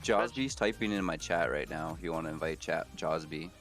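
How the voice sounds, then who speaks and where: Deep-voiced laid-back streamer man. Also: fairly quick, a bit bright, soft background music. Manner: laid-back, laughs easily, swears casually. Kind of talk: casual gaming voice chat.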